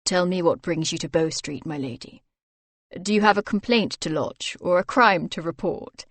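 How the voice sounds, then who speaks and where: A woman voicing a confident, teasing newlywed man in a low, fond manner for an audiobook. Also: moderate pace, no echo, lightly acted.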